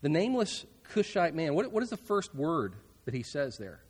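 A man preaching a sermon, earnest with casual asides, trailing off softly at the ends of phrases. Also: on the high side, big pitch swings, moderate pace, husky, long reverb tail. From United States. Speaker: pastor.

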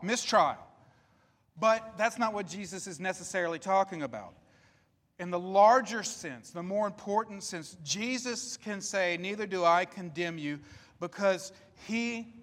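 Slow, high-voiced preaching man in a hall. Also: fairly bright tone. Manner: emphatic, repetitive preaching cadence with dramatic pauses. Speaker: pastor. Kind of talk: sermon. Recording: reverberant hall.

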